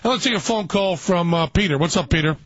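A man's voice: high voice, fast, a bit bright, dry recording, dull audio. A man hosting a call-in radio show, chatting in a rambling, anecdotal, jokey way.

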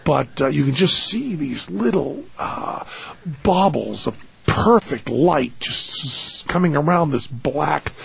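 Radio host guy telling a story, high and swoopy voice, gravelly, dry slightly dull studio sound. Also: takes it slowly. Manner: animated, shouts quoted lines, laughs often. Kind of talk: casual storytelling chat.

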